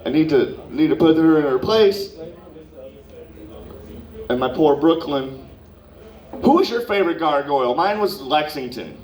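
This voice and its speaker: A man's voice: fairly high pitch, lively intonation, unhurried, long pauses, a little mellow. Young man, stand-up comic, open mic, rambling profane storytelling, distant mic. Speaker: stand-up comedian. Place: comedy club open mic. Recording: roomy, distant live club recording.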